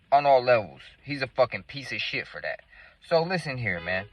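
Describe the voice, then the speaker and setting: A man's voice: mid-range voice, very animated, moderate pace, dry recording, muffled recording. Rambling, profane man telling a story. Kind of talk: casual storytelling.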